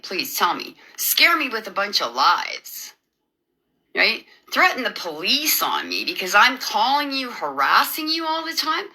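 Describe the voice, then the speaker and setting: Sharp, animated woman ranting sarcastically. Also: on the high side, breathy edge, rough recording. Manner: agitated, sarcastic, rambling with many restarts. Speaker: video creator. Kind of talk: emotional personal rant to camera.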